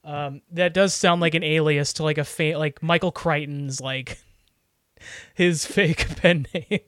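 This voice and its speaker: A young man in easy podcast conversation, voice sitting a touch high and recorded very dry and close. He rambles and jokes with plenty of restarts and fillers. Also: fairly even intonation, slow, fairly bright tone, no room sound. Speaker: podcast co-host. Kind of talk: casual chat.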